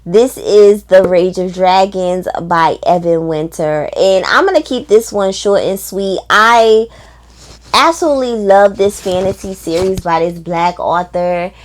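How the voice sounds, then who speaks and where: Woman, book vlogger, slow unhurried pace, chatty and emphatic, casual review talk. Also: medium pitch. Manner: chatty, emphatic, many fillers; reads quotes in a voice, laughs often.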